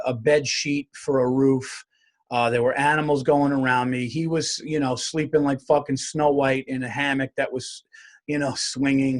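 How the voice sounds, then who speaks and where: A man hosting his own comedy podcast, ranting in a profane, rambling solo monologue. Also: medium pitch. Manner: profane, rambling, animated rants.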